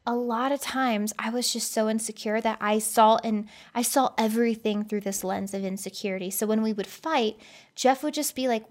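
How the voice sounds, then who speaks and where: Woman host, mildly high voice, earnest and conversational, shares personal stories on her podcast. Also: a little fast, darkish tone. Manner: earnest, personal storytelling with frequent "you know".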